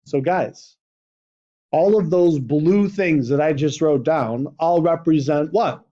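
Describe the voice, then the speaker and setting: This male math teacher has a slightly high, warm voice and takes his time as he lectures, constantly asking the class "right?" to check in. The classroom recording sounds dull and lo-fi.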